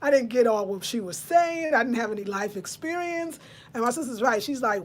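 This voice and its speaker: A woman in her fifties with a way of speaking, hosting a casual live chat. Her voice sits a little high. She talks to her viewers and answers their comments. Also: expressive, normal speed, a little hiss or hum. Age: 50s. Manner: chatty, reads out viewer comments. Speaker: livestream host.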